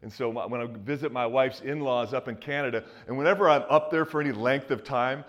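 A man's voice: mid-range voice, brisk, a bit bright, dull audio. A man in his fifties from the US Northeast, preaching a sermon in a loose, joking, conversational way with many restarts and asides. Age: 50s. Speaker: pastor.

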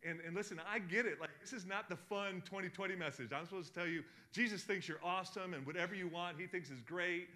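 Man, middle-aged, bright voice, animated preaching, hushed to loud. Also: sits high, quick pace, hardly any pauses. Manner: asks the congregation questions. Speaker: pastor. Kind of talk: sermon.

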